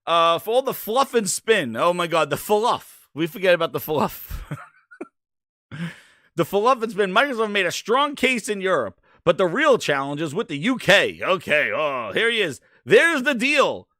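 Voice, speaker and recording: Profane, animated male podcast host. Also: high voice, normal speed, no room sound, clean studio sound. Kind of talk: casual chat.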